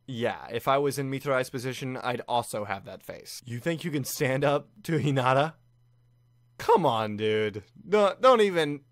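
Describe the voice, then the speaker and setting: A man giving casual reaction commentary on an anime finale, excitable and often laughing. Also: medium pitch, no echo, clean studio sound. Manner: excitable, laughing, with frequent restarts.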